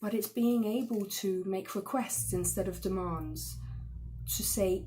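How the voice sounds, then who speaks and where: An expressive woman leads a class on respect in marriage and family. She teaches with energy and acts out the voices of the people in her examples with sudden loud bursts. Her voice sits at a middle pitch. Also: a little slow.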